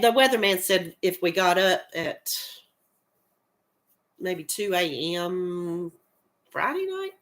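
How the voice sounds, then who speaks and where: A woman's voice: medium pitch, fairly bright tone. A middle-aged woman with a rural American accent, hosting a casual crafting live stream while fighting a cold, chatting, laughing often and greeting viewers by name. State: has a cold, coughing. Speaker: crochet channel host.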